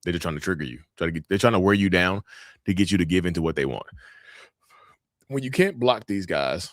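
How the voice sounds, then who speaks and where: A man's voice: deep voice, lively intonation, brisk, dry recording, clean studio sound. A man chatting casually on a livestream, reacting to viewer comments in a blunt, emphatic way that repeats phrases for effect.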